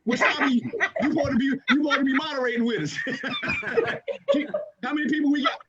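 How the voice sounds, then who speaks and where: A high-voiced man hosting a live video call at a rapid clip, repeating himself and firing call-and-response lines at the people on the call. The sound is muffled, and a crowd of other callers chatters behind him. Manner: energetic, repetitive, call-and-response hype. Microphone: computer mic on a video call.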